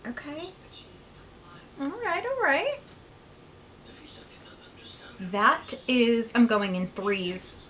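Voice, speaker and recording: A woman beauty vlogger unboxing and swatching makeup, gushing and excitable, now and then dropping to a hushed whisper. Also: fairly high pitch, very slow, pauses often.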